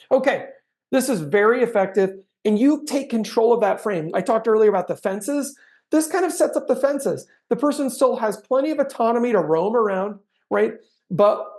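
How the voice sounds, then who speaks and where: A middle-aged man coaching real estate agents on closing techniques, with a gravelly, fry-edged voice. He keeps it conversational and slips into short acted-out sample lines to show how a script sounds. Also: sits high, darkish tone. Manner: chatty, acts out sample sales lines. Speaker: sales trainer. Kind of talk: conversational training talk.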